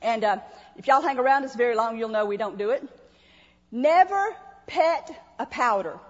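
A woman pastor delivers a folksy sermon, driving points home through repetition and little acted-out asides. Her voice sits high, and the sound is dull with a long hall reverb behind it. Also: lively intonation, normal speed.

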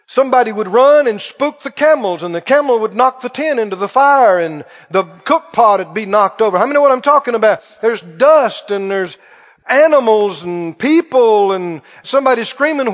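A high-voiced male preacher with a fairly bright, animated tone delivers a sermon in an auditorium before a live congregation. He is dramatic, stretching key words slowly and quizzing the crowd. The recording is dull and lo-fi, with a long, echoing hall reverb.

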